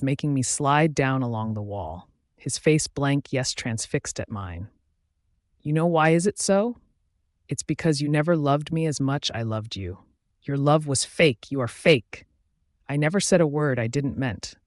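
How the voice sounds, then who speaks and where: A man's voice: medium pitch, lively intonation, unhurried, dry recording, studio quality. A man reading a first-person fantasy romance audiobook in an emotive, dramatic way. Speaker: audiobook narrator.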